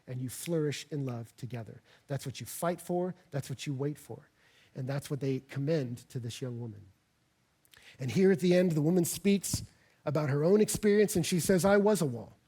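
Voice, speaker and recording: A male pastor preaching a sermon, earnest, rising to loud emphatic peaks as he reads passages aloud. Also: mid-range voice, husky. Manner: earnest, builds to loud emphatic peaks when reading scripture. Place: church.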